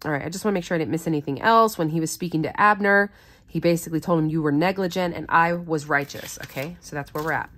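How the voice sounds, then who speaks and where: Low-voiced woman teaching a Bible study. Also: quick pace, fairly bright tone. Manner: earnest, conversational, explains as she reads. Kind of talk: scripture reading with commentary.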